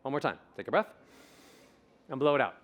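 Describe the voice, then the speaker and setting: A man's voice: mid-range voice, fairly quick, dull audio, slight background noise. A man giving a conference talk as a voice coach, leading the audience through breathing exercises in a playful, demonstrative way. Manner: animated, demonstrates vocal examples, playful. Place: conference stage.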